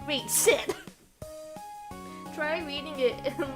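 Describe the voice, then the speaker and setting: Giggly high-voiced woman streamer. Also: lively intonation, measured pace, over music. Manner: giggly and playfully crude, laughing often. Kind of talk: casual game commentary.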